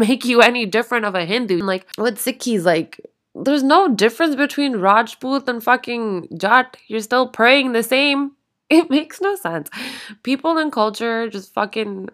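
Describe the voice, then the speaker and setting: A young woman from Canada, co-hosting a podcast in casual, expressive chat full of swearing. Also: on the high side, moderate pace. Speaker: podcast co-host.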